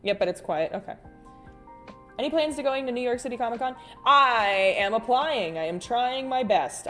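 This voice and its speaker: Chatty woman hosting a drawing stream. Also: medium pitch. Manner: chatty and rambling, with frequent restarts and sudden soft hums. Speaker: artist livestream host. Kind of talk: casual livestream chat, reading viewer comments while drawing.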